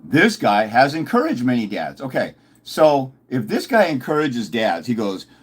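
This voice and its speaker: Man, husky voice, combative mocking rant, commentary video. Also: medium pitch, huge pitch swings, normal speed. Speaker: fathers' rights consultant.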